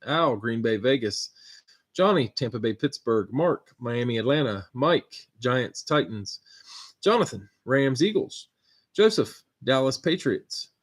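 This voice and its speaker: A man hosting a live stream, steadily reading out viewer names and teams with relaxed asides. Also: medium pitch. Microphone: computer mic on a live stream.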